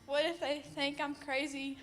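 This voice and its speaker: A teenage girl, giving an emotional church testimony in a shaky, halting way with many ums. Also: high voice, level tone. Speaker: youth group member giving a testimony. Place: church sanctuary.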